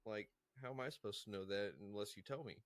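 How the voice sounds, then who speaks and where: A man's voice: lowish voice, fast talker, dry recording. A man hosting a recovery podcast, talking in a reflective, casual way with many fillers. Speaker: podcast host. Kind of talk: casual supportive chat.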